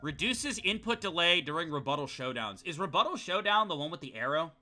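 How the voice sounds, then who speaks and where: A man with a high, very bright voice delivers live game commentary, swinging wildly in pitch. He rants and swears at the game and talks to his chat. Soft music plays faintly underneath. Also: a little fast. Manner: excitable, ranting, swears often. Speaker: streamer.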